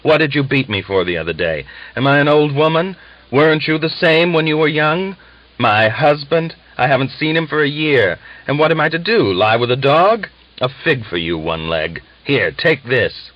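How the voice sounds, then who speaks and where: A man voicing a lusty, defiant young Cossack wife who goes from sly whispers to shrill scolding. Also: lively intonation, takes it slowly, few pauses, no echo, muffled recording, exaggerated voice.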